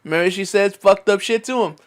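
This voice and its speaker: A man's voice: sits high, normal speed, clear, resonant tone. A man co-hosting a casual podcast, joking crudely and calling people bro. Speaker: podcast co-host.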